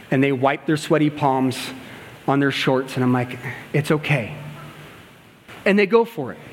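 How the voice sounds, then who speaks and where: A man preaching a sermon, telling a story and acting out the dialogue, moving between loud passages and hushed ones. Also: high voice, a little hiss or hum. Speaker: pastor and gymnastics coach. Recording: long hall reverb.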